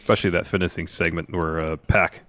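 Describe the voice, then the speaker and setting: A man's voice: low-pitched, fairly even intonation, fast talker, fairly bright tone, dry recording. A young man co-hosting a wrestling podcast, recapping events at length in casual chat. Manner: recaps at length, retelling promos in detail. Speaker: podcast co-host.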